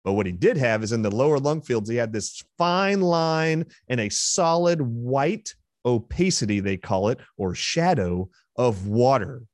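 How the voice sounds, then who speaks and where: A man's voice: mid-range voice, lively intonation, measured pace, darkish tone, no echo, clean studio sound. A man being interviewed as a guest, retelling a heated exchange with force and emphasis. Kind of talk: interview storytelling.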